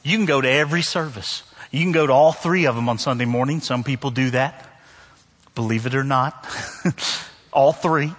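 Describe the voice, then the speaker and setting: A man's voice: mid-range voice, moderate pace, a bit bright. A man from the northern United States preaching a sermon to his church, conversational and joking, with emphatic repetition. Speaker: pastor. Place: church sanctuary. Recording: long hall reverb.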